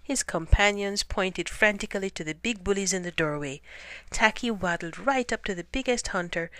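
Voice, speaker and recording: A woman reading a children's picture book aloud in an expressive way, dropping into dramatic whispers. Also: medium pitch, moderate pace, no echo. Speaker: storyteller.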